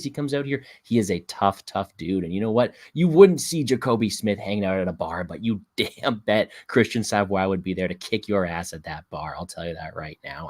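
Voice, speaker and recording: A man from Canada co-hosting a casual sports betting chat, animated and swearing, with big jumps up in pitch. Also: brisk, dry recording, studio quality. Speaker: podcast co-host.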